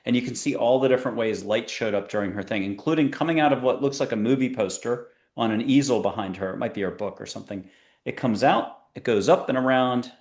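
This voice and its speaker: A man hosting a spiritual talk show, chatting in a rambling, animated way that jumps between ideas. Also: mid-range voice. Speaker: podcast host.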